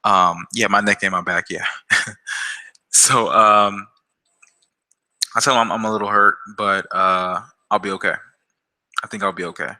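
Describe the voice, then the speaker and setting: A man's voice: lowish voice, steady tone, a little slow, pauses often, pushed and bright. A man vlogging about a personal experience in a casual, hesitant storytelling style, with many fillers and restarts. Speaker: gaming YouTuber.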